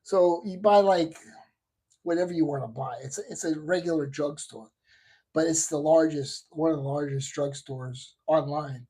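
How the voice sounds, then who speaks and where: Dark, husky man rambling on a livestream. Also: fairly high pitch, normal speed. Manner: rambling, with many restarts and asides. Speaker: shaving livestream host. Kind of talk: casual live chat.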